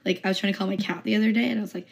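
A young woman co-hosting a podcast, her voice hoarse and lowered by a throat infection, chatting casually and laughing often. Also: steady tone, rapid-fire. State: hoarse, low voice from strep. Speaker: podcast co-host. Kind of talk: casual chat.

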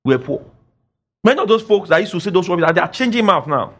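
A man's voice: high voice, lively intonation, fast, breathy edge. A man preaching a sermon, emphatic and scolding, repeating phrases for effect. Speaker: pastor. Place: church.

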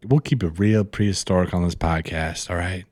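A man with a low-pitched, steady, slightly mellow voice co-hosts a casual podcast at a moderate pace. Tipsy and slurring a little, he rants through a profane, fired-up pep talk. The recording is dry, with clean studio sound.

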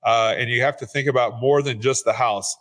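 A man's voice: mid-range voice, steady tone, brisk, fairly bright tone. A man who invests in real estate, a podcast guest telling stories in an earnest, conversational way and often repeating words as he starts a sentence. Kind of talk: conversational storytelling.

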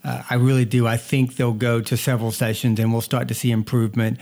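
A man's voice: mid-range voice, flat delivery, fast, creaky, a little mellow. A man with a mixed Southern US accent from North Georgia, chatting casually as a family vlogger and telling stories with a slight stutter. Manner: talkative storyteller, repeats words, slight stutter. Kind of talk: casual chat.

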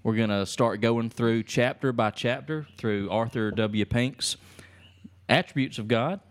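A man's voice: mid-range voice, measured pace. A man hosting a casual theology podcast, easygoing, reading listener reviews aloud and laughing along with his co-hosts. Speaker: podcast host. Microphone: studio microphone.

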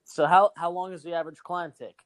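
A man's voice: high voice, fairly even intonation, fast. A man in casual chat, cutting in with dry, teasing questions and quips.

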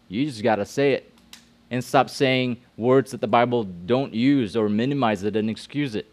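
Preaching to young people at a moderate pace, this middle-aged pastor keeps things loose and conversational, posing questions to the audience while repeating himself and restarting sentences midway. His pitch is an ordinary middle.

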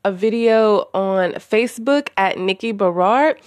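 A woman's voice: mid-range voice, unhurried. A woman hosting a solo spiritual podcast, talking earnestly and emotionally and calling her listeners y'all. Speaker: podcast host. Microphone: home audio recording.

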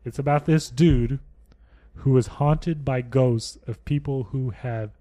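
A young adult man co-hosting a podcast, chatting in a laid-back way, swearing often and pausing on fillers. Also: mid-range voice, dark tone. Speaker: podcast co-host. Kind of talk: casual chat.

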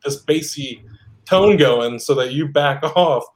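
A man in a casual podcast chat who talks loudly and gets worked up, laughing as he speaks. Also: a little high, slow pace. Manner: loud, gets worked up, laughs while talking.

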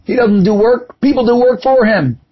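A man preaches with fervor, spinning a parable for his listeners. His voice sits unusually high and comes out husky. The recording sounds dull and lo-fi. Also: moderate pace. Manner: impassioned storytelling. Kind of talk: sermon with parable.

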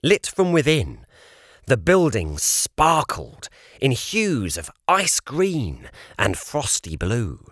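A man narrating a children's fantasy audiobook in a measured, expressive way. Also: mid-range voice, no room sound, studio quality.

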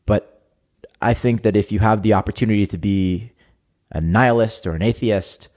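A man's voice: lowish voice, normal speed, a little mellow. A young adult man speaking as a podcast guest in an earnest, reflective way during casual conversation.

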